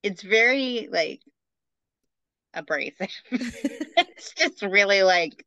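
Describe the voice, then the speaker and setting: Woman co-host, casual chat, bright forceful voice, dry dull lo-fi sound. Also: medium pitch, animated, dry recording. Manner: fast, chatty, lots of fillers. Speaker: podcast co-host.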